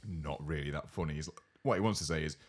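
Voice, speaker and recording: A young man co-hosting a casual podcast chat, telling an animated story and acting out other people's lines. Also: very deep voice, fast. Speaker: podcast co-host.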